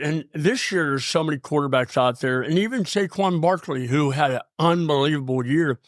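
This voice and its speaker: A man's voice: on the high side, no room sound. A man in his sixties, the family's father, chatting enthusiastically and emphatically on a family podcast. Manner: enthusiastic and emphatic, rising to cheers. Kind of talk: casual family podcast chat.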